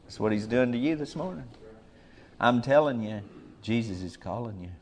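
Guy preaching a sermon, goes quiet then loud and urgent, really emphatic. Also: medium pitch, animated, moderate pace, a little hiss or hum. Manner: emphatic, swings between soft murmurs and loud urgent calls.

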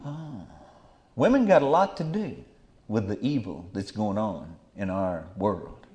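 A middle-aged man preaching a fiery Bible sermon. He drops to low murmurs, then bursts into loud exclamations. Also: animated, unhurried.

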